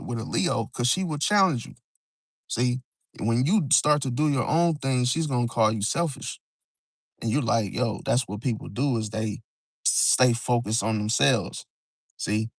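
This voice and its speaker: A man's voice: mid-range voice, expressive, moderate pace, no room sound. A man hosting an astrology live stream, talking loosely and repeating "see?" and "bro", outdoors near parked cars, at times whispering. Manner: loose, repetitive, drops "see?" and "bro" often. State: sometimes whispering. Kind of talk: casual live-stream talk. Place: outdoors near a parking area.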